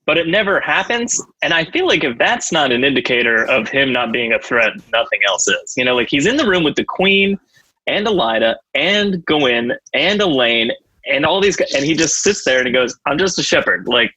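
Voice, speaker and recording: A man with an American accent co-hosting a podcast, telling animated stories and laughing often. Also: a little high, moderate pace, slightly rough, no room sound, low-quality recording. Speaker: podcast co-host. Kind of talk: casual book discussion.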